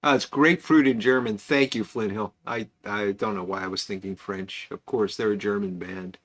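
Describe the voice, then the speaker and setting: A man's voice: on the low side, fairly even intonation, normal speed, a bit bright. A man hosting a casual livestream, chatting loosely and reading out viewer comments with asides. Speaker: livestream host.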